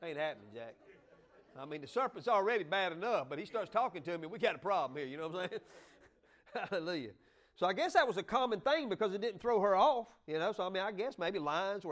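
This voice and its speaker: A man with a high voice and a drawl preaches to his church. He talks in a folksy, joking way and now and then bursts out loud. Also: lively intonation, fast. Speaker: pastor. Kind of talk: sermon.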